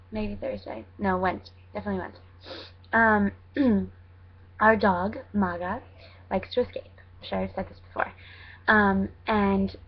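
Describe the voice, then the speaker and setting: A woman's voice: mid-range voice, slightly rough, muffled recording. A young American woman telling stories in a casual vlog, chatty and rambling, correcting herself with lots of fillers. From United States. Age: young adult. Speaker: student vlogger abroad.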